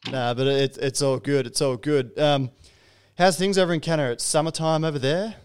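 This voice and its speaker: Smooth-voiced podcast host. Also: male voice, on the high side, fairly even intonation, a little fast. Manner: chatty, joking, trips over words. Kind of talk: casual podcast interview.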